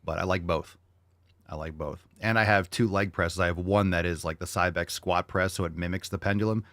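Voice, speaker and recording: A man's voice: deep voice, steady tone, a little fast, fairly bright tone, no room sound, clean studio sound. A man hosting a fitness podcast, casually answering listener questions in a blunt, joking way with some swearing.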